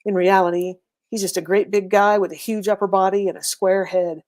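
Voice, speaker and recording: A woman reading a first-person serialized story aloud in a steady, wry, conversational way. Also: mid-range voice, fairly quick. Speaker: reader.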